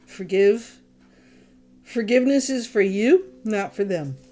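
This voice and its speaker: A woman's voice: medium pitch, animated, slow, warm tone. A woman giving a casual tarot reading, blunt and exasperated, swearing freely as she talks straight to the listener. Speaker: tarot reader. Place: home, candles lit.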